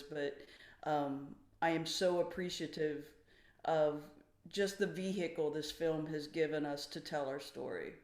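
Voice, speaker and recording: A woman, a songwriter, giving interview answers in a thoughtful, emotional way. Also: sits low. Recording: echoey room.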